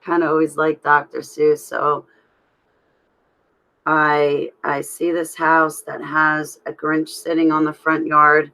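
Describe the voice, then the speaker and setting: A woman telling a personal story in a halting, rambling way, with restarts. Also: low-pitched, little pitch movement, vocal fry, pushed and bright, poor audio. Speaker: vlogger telling her own story.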